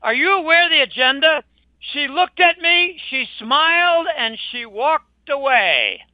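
A man's voice: very high voice, big pitch swings, measured pace, no echo. An older man speaking as an interview guest in an emphatic, indignant, scornful conversational monologue. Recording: dull lo-fi dry recording.

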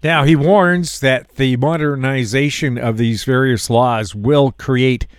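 A male radio host with a mid-pitched voice reads news headlines and tosses in dry quips. The recording is close and dry, with no room sound. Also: slow, clean tone, no echo. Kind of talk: reading news items and chatting.

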